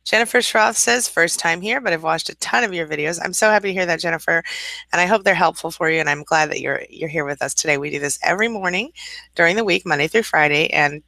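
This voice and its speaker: Woman coach hosting a live stream; low, bright, gravelly voice, dry close sound, chatty and affectionate. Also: quick pace, no echo, poor audio. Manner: chatty and affectionate, greets viewers as honey. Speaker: host and coach. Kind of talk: live-stream chat, reading viewer comments.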